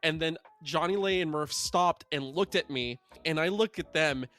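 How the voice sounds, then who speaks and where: High-voiced guy hosting a podcast, animated storytelling, laughs a lot. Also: normal speed. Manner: animated, self-deprecating, with frequent laughs. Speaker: podcast host. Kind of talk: casual storytelling chat.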